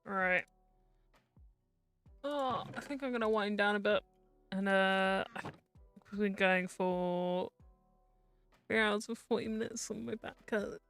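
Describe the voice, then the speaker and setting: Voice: mid-range voice, unhurried, gravelly, long pauses, a bit bright, soft background music. A VTuber streamer in casual live-stream chat while gaming, rambling, teasing friends and muttering to themself.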